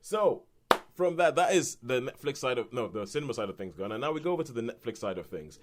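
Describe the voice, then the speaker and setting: A British man co-hosting a podcast, reviewing films in a rambling, animated way with restarts and laughs. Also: medium pitch, fast, background noise. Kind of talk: casual film review chat.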